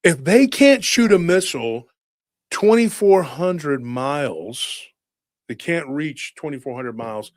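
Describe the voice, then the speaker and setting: A man hosting a casual podcast, talking in an excitable, rambling way and firing off rhetorical questions. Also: a little high, slow, no echo, clean studio sound. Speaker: host.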